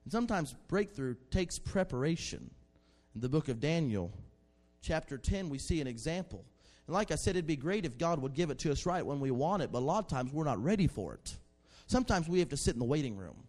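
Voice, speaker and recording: High-voiced fervent male preacher. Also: big pitch swings, brisk. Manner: builds from quiet teaching to shouted, fervent preaching. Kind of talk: sermon.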